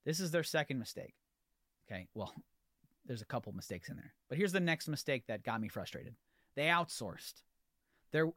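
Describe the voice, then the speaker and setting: A man's voice: mid-range voice, dry recording. Man, podcast host, ranting monologue, exasperated, dry close sound. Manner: animated, exasperated storytelling with repeated restarts.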